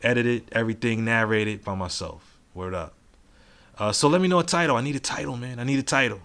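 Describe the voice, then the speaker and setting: A man's voice: medium pitch, a little fast, fairly bright tone. A man hosting his own podcast alone, talking in a frank, profane and reflective way into a mic at home. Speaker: podcast host. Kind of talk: casual solo podcast monologue.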